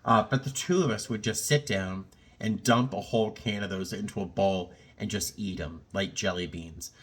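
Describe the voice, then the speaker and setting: A man's voice: fairly low pitch, moderate pace, breathy edge. A middle-aged man in a casual personal vlog, talking in a reflective, rambling way with many fillers and restarts, a little choked up. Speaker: vlogger.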